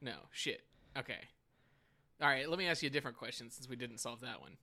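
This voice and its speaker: A man's voice: medium pitch, fast talker, bright, forceful tone. A man co-hosting a casual podcast, joking and self-deprecating as he banters with his friend. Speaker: podcast co-host.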